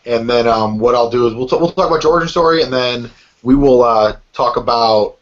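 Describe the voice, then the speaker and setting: A man hosting a podcast with dry, self-mocking humor, speaking haltingly with many fillers. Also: mid-range voice. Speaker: podcast host. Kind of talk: casual podcast chat. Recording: dull lo-fi remote call audio.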